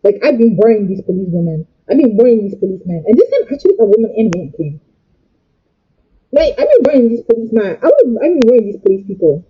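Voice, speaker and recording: A young woman telling an emotional storytime vlog, agitated and swinging between loud outbursts and quieter asides. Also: fairly high pitch, big pitch swings, fast talker, husky, muffled recording. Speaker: storytime vlogger.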